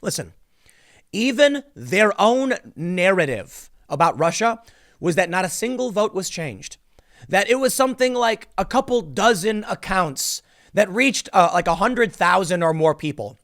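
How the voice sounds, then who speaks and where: Man, thirties, ranting commentary host, exasperated and sarcastic, fairly high voice. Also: expressive, unhurried, fairly bright tone. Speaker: political commentator. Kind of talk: solo commentary video.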